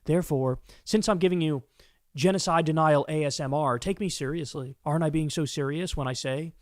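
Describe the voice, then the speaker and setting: A man mocking a smug, hushed male pundit. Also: a little fast, no echo, studio quality, close to an everyday voice. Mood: mock-serious. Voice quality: whispery, low and soft. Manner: mocking, condescending, overly calm. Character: smug hushed male pundit, fake-calm and self-serious.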